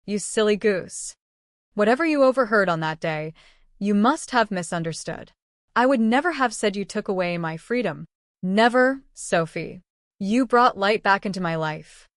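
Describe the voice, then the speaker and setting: A woman reading the part of a devoted young husband, gentle and earnest, in formal old-fashioned speech. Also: medium pitch, animated, moderate pace, dry recording, studio quality, close to an everyday voice.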